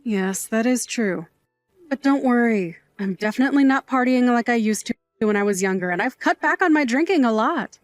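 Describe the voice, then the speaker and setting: High-voiced fussy night-shift aunt, all drama and gushing, woman acting it, dry close sound. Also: expressive, normal speed, no room sound, faint music behind, natural voice. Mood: reassuring. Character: glamorous middle-aged aunt who works nights at a bar, doting, theatrical.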